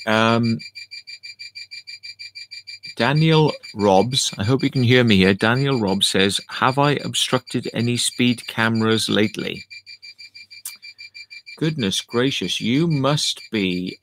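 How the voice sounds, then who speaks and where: Gravelly, rambling man on a livestream. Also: mid-range voice, takes it slowly, pauses often, noisy background. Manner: rambling, cheeky, swears casually. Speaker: livestream host answering viewer chat. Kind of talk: casual livestream chat.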